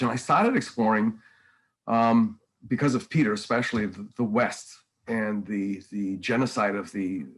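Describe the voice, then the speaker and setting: A man's voice: lowish voice, poor audio. A man in his sixties, a painter guest on a podcast, telling long stories in casual talk with many ums and restarts. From New England. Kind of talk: casual conversational interview.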